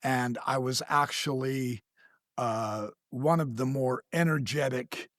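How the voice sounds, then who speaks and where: A middle-aged man telling his story as a guest in an interview, animated and stammering as he acts out the voices of other people. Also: medium pitch, slow, dry recording, studio quality.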